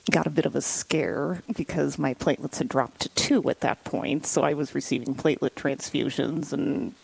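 Interview guest: woman, low and gravelly, husky, chatty, quick to laugh. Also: darkish tone, poor audio. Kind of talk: casual storytelling interview.

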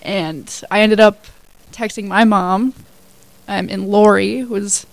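A woman's voice: mid-range voice, steady tone, slow, creaky, no room sound, rough recording. A woman in her twenties, a new hire telling her story as a guest in a casual radio interview, chatty with many fillers. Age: 20s.

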